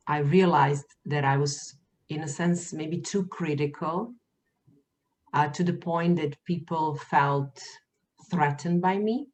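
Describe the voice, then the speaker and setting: A woman interviewer whose first language is Serbian, asking questions and sharing her own experiences in a thoughtful, expressive way with slow, emphatic phrasing. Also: sits low, slight background noise, rough recording. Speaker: podcast host interviewer. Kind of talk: conversational interview.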